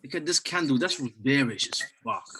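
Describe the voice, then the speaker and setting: A man in casual chat about trading, excitable and swearing, calling his friend bro. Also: medium pitch, moderate pace, very noisy. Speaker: trader.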